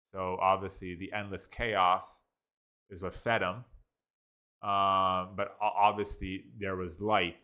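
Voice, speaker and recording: A man with a slightly low voice gives loose, casual commentary as a host. He rambles, restarts often and leans on filler words, and his loudness swings up and down with his amusement. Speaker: host reviewing an AI story app.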